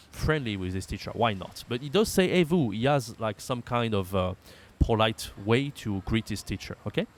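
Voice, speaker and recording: Man teaching with lively pitch. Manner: explains patiently, reads example lines aloud with lifted emphasis. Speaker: French teacher. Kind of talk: language lesson.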